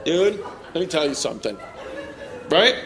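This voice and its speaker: Male comedian, high voice, teasing crowd work, live crowd laughing, noisy room. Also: big pitch swings, normal speed. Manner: brash, teasing banter with the audience. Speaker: stand-up comedian. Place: comedy show venue with live audience.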